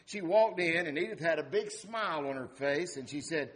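A man preaching an Easter sermon, telling a story with dramatic swings in loudness. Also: a little high, animated, moderate pace, few pauses. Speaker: pastor.

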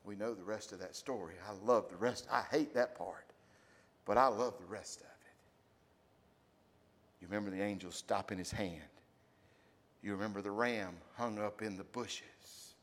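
A man preaching a sermon, addressing his congregation directly with questions and swinging between loud exclamations and quiet asides. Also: on the low side, normal speed, long pauses.

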